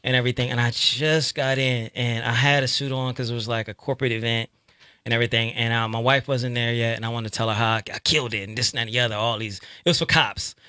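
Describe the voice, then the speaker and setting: A man telling a long, profane, animated comic story in casual chat with friends. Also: mid-range voice, quick pace, smooth, dry recording, clean studio sound.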